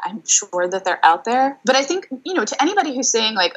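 A woman career coach answering interview questions in a thoughtful way, with frequent fillers and pauses. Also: fairly high pitch, sing-song, rough recording. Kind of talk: podcast interview.

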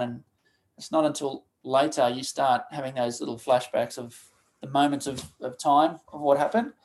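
A man in his thirties recounts a personal loss as a podcast guest. His voice is gravelly and a little higher than most men's. He speaks haltingly and emotionally, with many restarts and trailing pauses. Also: a little mellow. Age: 30s. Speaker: guest, charity co-founder. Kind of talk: personal storytelling in a podcast interview.

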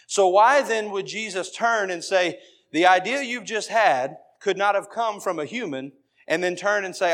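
A man's voice: high voice, a bit bright. A man preaching an evening sermon, building points through emphatic repeated phrases. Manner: emphatic, repetitive preaching cadence.

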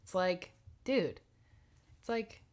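A woman's voice: lowish voice, slow. A woman hosting a podcast, reading a fairy tale aloud and breaking off for giggly, irreverent asides with casual swearing. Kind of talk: casual read-aloud with commentary.

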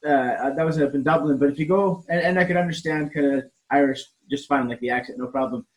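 Chill guy hosting a podcast, a bit higher voice, easygoing. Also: fast talker. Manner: relaxed, laughs along, short backchannels. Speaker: podcast host. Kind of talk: casual interview.

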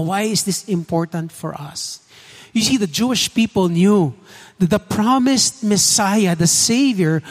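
A man preaches a sermon in a high, earnest voice, often turning to the listeners with questions. Long reverb from the hall trails after his words. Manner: earnest, asks the congregation questions.

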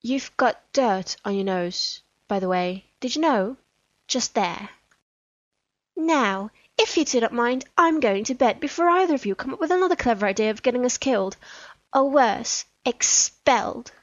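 A woman voicing a bossy, know-it-all schoolgirl witch in a prim, brisk way, recorded as a voicemail. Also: a little high, expressive, no room sound, muffled recording, natural voice.

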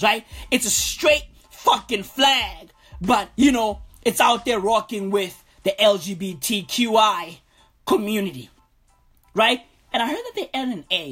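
A woman ranting comedically in an animated, profane way. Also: a little high, husky. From South Africa. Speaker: comedic vlogger. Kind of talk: comedic rant.

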